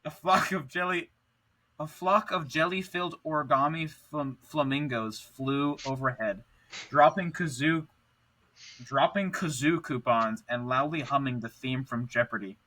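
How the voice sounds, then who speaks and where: A man's voice: on the high side, measured pace, bright, forceful tone, low-quality recording. A young man co-hosting a podcast, reading a silly story aloud in a playful way, stumbling over and restarting words. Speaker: podcast co-host.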